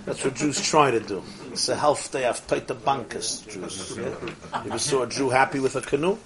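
A man teaching a Torah lecture as a rabbi. He mixes Yiddish and Hebrew terms into his English and swings from soft asides to rising exclamations. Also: medium pitch, normal speed, a crowd in the background.

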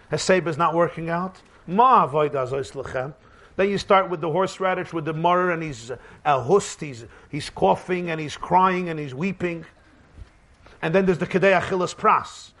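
A rabbi, preaching emphatically in a repetitive cadence and mixing in Hebrew and terms. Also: male voice, on the high side, a bit bright. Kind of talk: sermon with jokes.

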